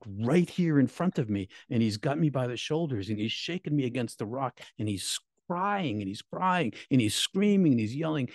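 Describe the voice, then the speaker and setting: Man, middle-aged, minister, emotional storytelling, halting, repeats words, medium pitch, dry sound. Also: darkish tone, no room sound. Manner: halting, repeats words, voice rising high when reliving pain. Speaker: guest, minister recounting a near-death experience.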